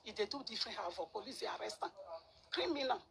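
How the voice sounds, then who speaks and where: A middle-aged woman with a Nigerian Pidgin accent, telling her own story in an interview, animated and repeating words for emphasis. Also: on the high side, quick pace, gravelly. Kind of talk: emotional personal account. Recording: crowd noise behind.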